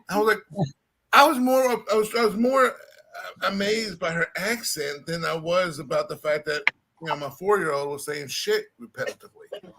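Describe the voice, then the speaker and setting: Southern man, gravelly voice pitched a bit high, rambling anecdotal storyteller in casual chat. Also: moderate pace, noisy background. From Louisiana.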